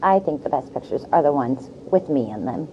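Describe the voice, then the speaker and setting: A woman teacher reading a children's chapter book aloud to her class, slowly and gently, with casual asides to recap the plot. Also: extremely low pitch, lively intonation, lo-fi sound, a little hiss or hum.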